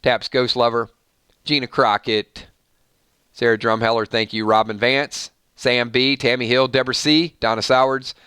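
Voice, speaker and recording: Bright, crisp-voiced man hosting a livestream. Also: medium pitch, fairly even intonation, no echo, clean studio sound. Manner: loose and chatty, rattling off names with quick thank-yous. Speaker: livestream host. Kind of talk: casual livestream chat, reading out supporters' names.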